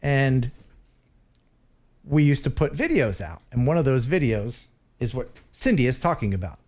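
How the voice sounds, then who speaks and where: A man's voice: mid-range voice, big pitch swings, normal speed, a little mellow. A man hosting a casual live stream, chatting and reading a viewer's message aloud. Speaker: host.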